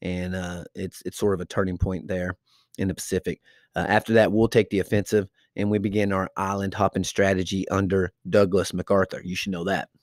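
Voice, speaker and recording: A man's voice: low-pitched, level tone, a little fast, darkish tone, no echo, clean studio sound. A man teaching a history lecture in a loose, informal way, with fillers and restarts, speaking directly to his students. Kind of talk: classroom lecture.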